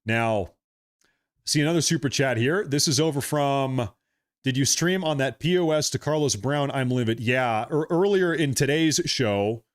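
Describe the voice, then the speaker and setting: A man's voice: medium pitch, moderate pace, no room sound, clean studio sound. A man hosting a livestream in a casual, rambling way, reading out viewer messages and thanking them again and again. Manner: rambling, repeats himself, frequent thanks. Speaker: livestream host. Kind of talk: casual livestream chat reading super chats.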